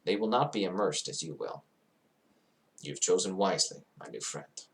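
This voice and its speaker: A man's voice: low-pitched, sing-song, normal speed, gravelly, a bit bright. A man narrating a fantasy world in character as its guide, grandiose and digressive, swelling at times into emotional peaks.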